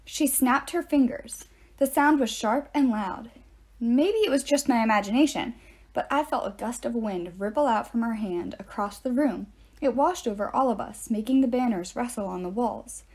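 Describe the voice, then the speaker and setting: A woman reading a novel aloud in an expressive way, with deadpan asides. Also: on the high side, moderate pace, slightly rough. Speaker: narrator. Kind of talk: audiobook-style reading aloud.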